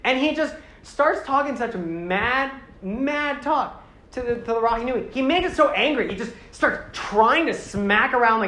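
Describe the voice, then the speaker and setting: A woman giving a rambling, animated casual talk to a live audience, often slipping into character voices. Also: fairly high pitch, measured pace, roomy sound. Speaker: presenter.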